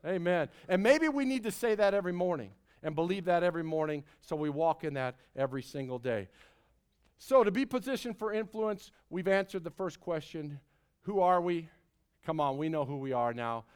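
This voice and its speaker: A middle-aged man preaching a sermon as pastor, emphatic, swinging between loud calls and hushed lines. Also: fairly high pitch, smooth.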